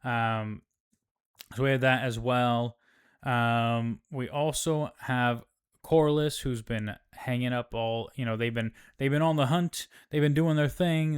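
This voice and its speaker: A recap host with a medium-pitched, clean-toned voice gives a casual rundown of a TV episode. He rambles, swears, and leans heavily on filler words.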